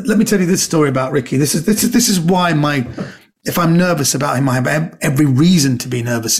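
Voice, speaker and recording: A man with a slightly high voice, telling a story with energy and bursts of speed. He acts out the people he quotes as he goes. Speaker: comedian guest. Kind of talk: animated anecdote telling.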